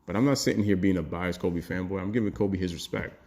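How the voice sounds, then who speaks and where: Blunt low-voiced man ranting about sports. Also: fast talker, darkish tone. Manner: blunt, heated, swears freely. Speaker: sports commentary YouTuber. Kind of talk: opinionated sports rant.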